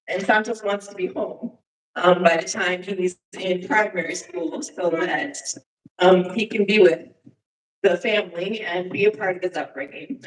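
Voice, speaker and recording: Woman speaking from afar in a roomy church. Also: fairly low pitch. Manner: halting, with frequent fillers. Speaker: speaker presenting slides at a church service. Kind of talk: informal presentation to a congregation. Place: church sanctuary. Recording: roomy, distant church sound.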